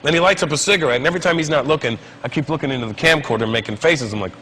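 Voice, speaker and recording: A man in his thirties doing stand-up comedy on a stage, telling an animated story and acting out the voices of the people in it. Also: a little high, very fast, very noisy.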